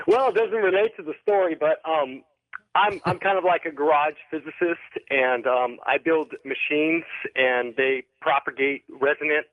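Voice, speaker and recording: Over a phone line, a male caller to a radio show tells a rambling story at a measured pace, hesitating often with ums and restarts. His voice is fairly high, and the recording is dry.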